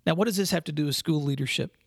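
A man hosting a podcast for school leaders, telling a story in an earnest, measured way. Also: a little high, husky, no room sound, studio quality. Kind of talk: scripted podcast monologue with storytelling.

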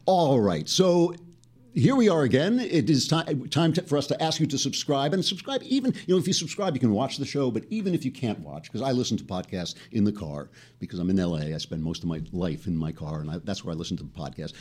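A man's voice: medium pitch, very animated, fairly quick, a little mellow, husky. A man hosting a podcast, delivering a sarcastic, mocking comic monologue. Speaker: podcast host.

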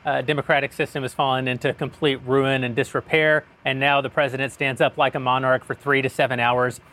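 A man's voice: medium pitch, level tone, brisk, sharp tone. A man hosting a political podcast, reading a sponsor ad with wry jokes and frequent chuckles. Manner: wry, joking, chuckles often. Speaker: show host reading an ad. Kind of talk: casual podcast banter.

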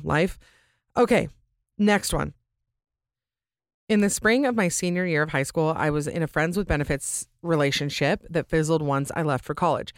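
A young woman talks into a close, dry mic, hosting her podcast in a casual, chatty way. Her speech is sprinkled with "like", and her pitch jumps up when she gets animated. Now and then she clears her throat from allergies. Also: no echo. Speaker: podcast host. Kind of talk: casual chat, reading listener stories.

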